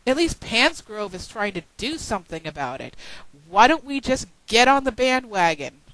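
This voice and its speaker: A woman's voice: fairly high pitch, very animated, normal speed, a bit bright, dry recording, rough recording. A woman ranting into a webcam at home, exasperated and sarcastic, swearing as she scolds her community. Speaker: video blogger. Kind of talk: frustrated webcam rant.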